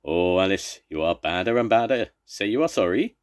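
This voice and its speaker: A grandfather voicing an excitable, gentle male circus elephant keeper who speaks in quaint, formal phrases. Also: low voice, moderate pace. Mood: effusive.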